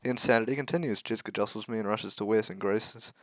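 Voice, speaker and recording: Low-voiced man reading a game aloud. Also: no room sound. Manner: reads dialogue aloud with quick asides and swearing. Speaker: gamer reading a visual novel aloud. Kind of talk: playthrough narration with voiced characters.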